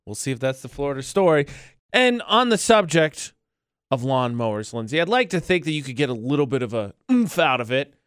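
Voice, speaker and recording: A man co-hosting a casual radio show from a studio mic, playful and quick to laugh. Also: mid-range voice, animated, clear, resonant tone, dry recording. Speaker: radio co-host. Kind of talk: casual morning radio banter. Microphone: studio microphone.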